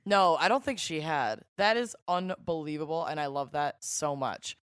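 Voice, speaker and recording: Woman, podcast guest, frank, laughs easily, lowish voice, dry close mic. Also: moderate pace, fairly bright tone, smooth, no room sound. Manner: frank, laughing, swears casually. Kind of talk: casual chat.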